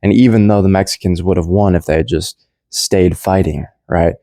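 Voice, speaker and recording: A man's voice: deep voice, normal speed, warm tone, no echo. A young man rambling through a casual Bible commentary in slangy, laid-back speech full of restarts. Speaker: Bible study vlogger.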